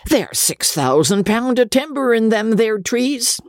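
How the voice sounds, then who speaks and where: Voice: medium pitch, big pitch swings, measured pace, no echo, studio quality, voice pushed up. A reader putting on a coarse old stingy baronet. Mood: gruff boasting. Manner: rough, drawling speech with dropped endings. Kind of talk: audiobook character voice.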